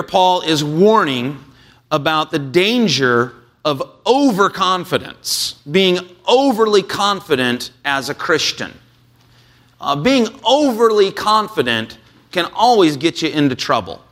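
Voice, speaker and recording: A man preaching a sermon, reading a scripture passage and then explaining it in a relaxed, conversational way with frequent "uh"s. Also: fairly high pitch. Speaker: pastor.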